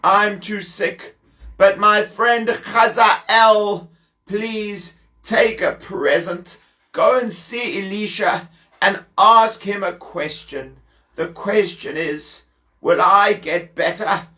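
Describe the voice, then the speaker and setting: A frail, coughing old king who pleads in a raised, weak voice, as a man puts him on. He speaks at a dragging, unhurried pace, as in a gentle children's storybook. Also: high-pitched, voice pushed up, heavily acted. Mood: pleading.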